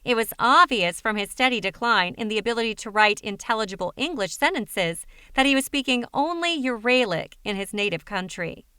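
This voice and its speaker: Bright, crisp woman narrating a novel. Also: fairly high pitch, animated, no room sound, clean studio sound. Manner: measured, clear storytelling. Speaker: audiobook narrator. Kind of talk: audiobook narration.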